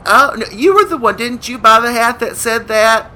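A man's voice: very high-pitched, normal speed, pushed and bright. A man co-hosting a radio comedy show, telling jokes in a rambling, playful, teasing way. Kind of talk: joke-telling radio banter.

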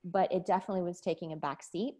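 A woman's voice: on the low side, steady tone, quick pace, mellow. A woman in her forties, a nurse and podcast guest, telling her story candidly and with feeling in a casual interview. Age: 40s. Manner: candid, emotional, laughs often.

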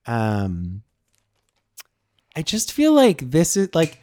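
A young adult podcast co-host, a woman, teasing her partner in quick casual banter and laughing often. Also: low-pitched, wildly swooping pitch, warm tone. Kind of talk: casual chat.

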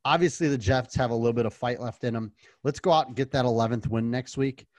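A man's voice: mid-range voice, fast talker, a little mellow, no echo. An American man co-hosting a sports podcast, chatting in a breezy, joking way. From United States. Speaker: podcast co-host. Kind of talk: casual sports podcast chat.

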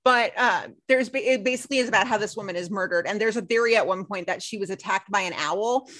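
Bright-voiced woman recapping a show. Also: mid-range voice, fast talker. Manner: animated storytelling, acts out quotes. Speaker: podcast co-host. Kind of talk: casual recap chat.

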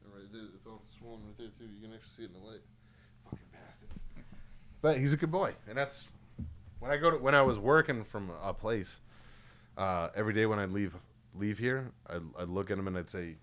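Hosting a laid-back podcast, this man spins profane, meandering stories and laughs along the way. He talks a little fast in a somewhat low, slightly bright voice.

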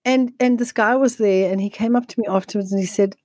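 A woman guest speaking on nutrition in an interview, telling stories in a quick, energetic way with frequent restarts. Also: medium pitch, no echo. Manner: fast, energetic, with frequent restarts and repeated words. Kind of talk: conversational storytelling interview.

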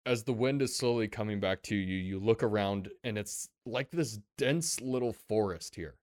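A man's voice: lowish voice, normal speed, darkish tone, no echo, studio quality. A man narrating a tabletop game as game master, laid-back, laughing often and swearing casually.

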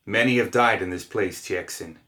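A man's voice: on the low side, normal speed, sharp tone. A man voicing a stern, cold necromancer who speaks in a terse, hissing way. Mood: grim.

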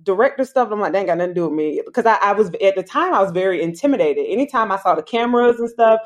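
A woman's voice: mid-range voice, very fast. A woman in her thirties from South Carolina with a Southern accent, telling stories casually as a guest in an interview and acting out dialogue. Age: 30s. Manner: animated, acts out dialogue, laughs often. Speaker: guest filmmaker.

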